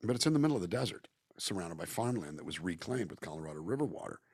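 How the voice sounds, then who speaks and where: A man's voice: low-pitched, very animated, fast, darkish tone, slightly rough, no echo, clean studio sound. A man from Southern California, a guest musician and actor, talking at length and thoughtfully over a video call. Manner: reflective, talkative, acts out quoted voices. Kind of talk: casual interview chat.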